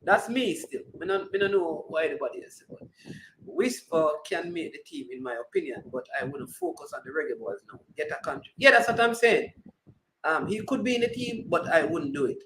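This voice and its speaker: A man's voice: a little high, sing-song, fairly quick, a bit bright, roomy sound, a little hiss or hum, rough recording. A man with a Jamaican accent hosting a casual sports talk show, teasing and bantering and slipping into patois.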